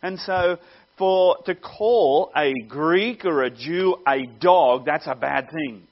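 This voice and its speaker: Male preacher, earnest teaching tone, slightly high pitch, muffled lo-fi sound. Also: slow. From Australia. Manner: earnest teaching with wry laughs. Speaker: pastor. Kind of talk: sermon. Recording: dull lo-fi sound.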